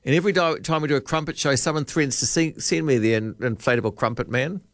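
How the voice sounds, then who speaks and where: A man's voice: fairly high pitch, fast talker, no room sound. A man hosting a talkback radio show, rambling and joking as he thinks aloud at a studio microphone. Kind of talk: casual radio chat.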